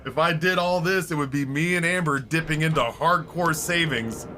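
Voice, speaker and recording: A man's voice: a little high, normal speed, pushed and bright, faint music behind. A man chatting while he streams a game, rambling and swearing, with filler words throughout. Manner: rambling, profane, heavy use of filler words. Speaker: Twitch streamer. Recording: clear background noise.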